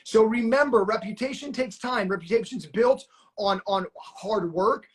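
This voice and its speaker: A man's voice: high voice, normal speed. Pumped-up male live-stream coach. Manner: pumped-up, hype-man, shouts "let's go". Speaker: notary training coach and live-stream host. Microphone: phone or webcam on a video live stream.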